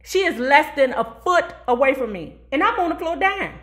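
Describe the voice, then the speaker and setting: A woman vlogger telling a funny story while doing her makeup, sassy and animated, drawing out words for drama and often checking in with her viewers. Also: high voice. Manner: sassy, animated storyteller who keeps asking the audience "you heard me?"; dramatic emphasis with drawn-out words.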